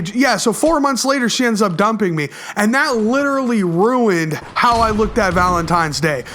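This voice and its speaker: A young man telling a story in a slangy, profane, animated storytime vlog over gameplay. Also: high voice, a little hiss or hum.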